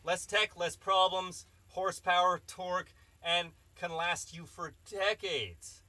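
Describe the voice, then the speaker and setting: A man's voice: high-pitched, fairly even intonation, slow pace, bright, forceful tone, dry recording. A man hosting a live stream, reading chat questions and rambling through opinionated casual answers.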